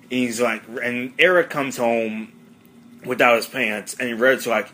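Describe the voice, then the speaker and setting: A man's voice: mid-range voice, steady tone, measured pace, bright, forceful tone. A man hosting a casual podcast monologue, rambling with many fillers. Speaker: podcast host.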